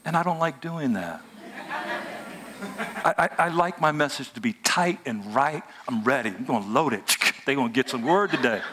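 A man preaching a sermon as pastor, in an animated, humorous, conversational way. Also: mid-range voice, moderate pace, background noise.

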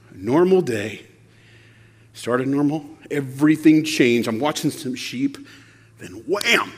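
A male preacher delivers his sermon in an animated, conversational way. He throws rhetorical questions at the congregation. His fairly high voice rings with a long reverb from the church hall. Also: takes it slowly. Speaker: pastor.

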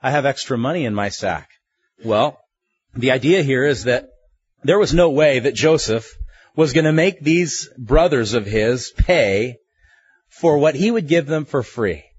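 A man preaching a sermon in a lively, conversational way, asking his listeners pointed questions. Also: medium pitch, a little slow, slightly rough, no room sound, dull audio.

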